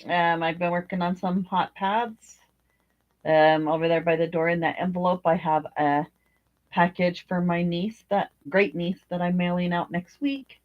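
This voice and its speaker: A woman's voice: fairly low pitch, steady tone, measured pace. A woman, older, chatting casually about her crochet as she works, rambling and thinking aloud with fillers. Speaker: crochet vlogger. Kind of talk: casual chat while crocheting. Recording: dull lo-fi home recording.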